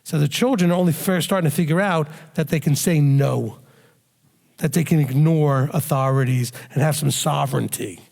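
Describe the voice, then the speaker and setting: A man teaching a sermon-style question and answer session, calm and explanatory, sometimes acting out what a parent would say. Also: fairly high pitch, moderate pace, gravelly, long reverb tail. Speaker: rabbi teaching a Q&A.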